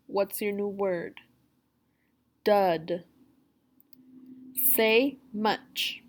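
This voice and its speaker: A woman teacher leads a children's phonics lesson at a very slow, deliberate pace. She sounds out each word carefully, in a mid-pitched voice. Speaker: second grade teacher.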